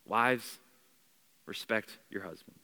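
A man's voice: fairly low pitch, takes it slowly, bright, forceful tone, in a large hall. A man preaching a sermon to a congregation, driving points home with repeated phrases and direct commands, with chatty asides and self-corrections. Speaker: pastor. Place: church before a congregation.

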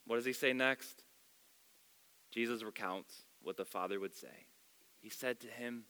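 A male pastor preaching a sermon in an expressive storytelling manner, moving between loud and soft passages, in a church sanctuary. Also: mid-range voice, moderate pace, pauses often, clean tone. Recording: long hall reverb.

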